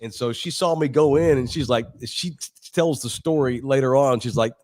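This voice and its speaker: A middle-aged man from Texas, co-hosting a sports podcast, telling childhood stories in a profane, animated, laughing way. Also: medium pitch, normal speed, no room sound, clean studio sound. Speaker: sports radio co-host. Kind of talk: casual podcast storytelling.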